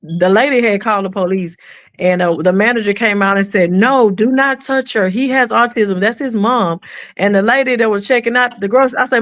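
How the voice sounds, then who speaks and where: Animated mom telling stories. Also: female voice, medium pitch, fairly quick, no echo, clean studio sound. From East Texas. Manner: animated, acts out quoted voices, drops into a whisper when quoting. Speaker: mother of an autistic son, guest. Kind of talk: casual storytelling on a podcast.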